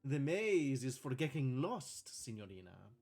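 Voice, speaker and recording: A man's voice: medium pitch, very animated, unhurried, a little mellow, husky, faint music behind, pitched below the performer's own voice, exaggerated voice. A man voicing an eccentric, cryptic hotel host in a put-on Italian accent, with theatrical, florid delivery. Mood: grandiose. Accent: fake Italian.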